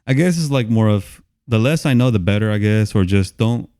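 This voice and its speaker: A man co-hosting a casual movie review podcast, laid-back and quick to agree. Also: lowish voice, animated, dark tone, no room sound, clean studio sound. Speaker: podcast co-host.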